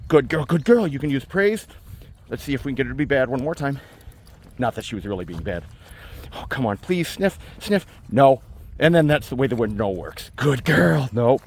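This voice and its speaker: Dog trainer cooing and explaining outdoors. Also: male voice. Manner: switches between calm explaining and high baby talk to the dog. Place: outdoors in a state forest.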